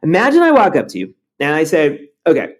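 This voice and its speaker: A man's voice: a little high, a little fast. A man, a startup founder, talking bluntly and with energy in an interview, swearing now and then. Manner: animated and blunt, swears, tells stories with energy. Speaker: startup founder and CEO, guest. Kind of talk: conversational interview.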